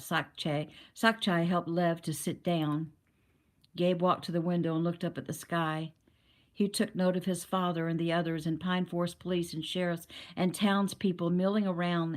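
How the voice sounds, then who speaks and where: A woman narrating a novel aloud in a steady, plain reading voice. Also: low voice. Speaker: audiobook narrator.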